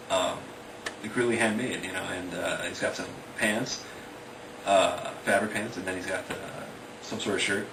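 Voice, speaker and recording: A man casually retelling a story in a rambling way, full of fillers like "you know" and "like". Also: fairly low pitch. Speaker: author retelling his book. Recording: distant, echoey and noisy.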